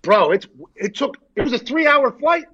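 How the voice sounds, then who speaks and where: A man hosting a sports talk show, chatting loosely and telling jokey stories in a loud, excitable way, running on little sleep. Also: very high voice, moderate pace, lo-fi sound. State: short on sleep. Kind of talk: casual sports chat.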